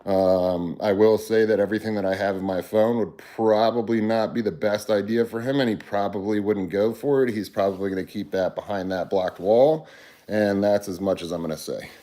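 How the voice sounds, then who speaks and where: A man's voice: on the low side, steady tone, moderate pace, warm tone. A man hosting a casual livestream, talking bluntly and earnestly to his viewers and rambling through restarts. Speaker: livestream host.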